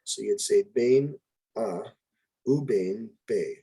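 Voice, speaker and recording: Gravelly low-voiced man teaching Hebrew. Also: slow, rough recording. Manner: relaxed, repeats and corrects himself. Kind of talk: informal grammar and vocabulary lesson.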